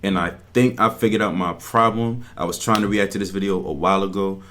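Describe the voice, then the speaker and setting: A man's voice: sits low, fairly even intonation, a little fast, a bit bright, slight background noise. A man hosting his own reaction channel, talking casually in slang and cutting in over a podcast clip.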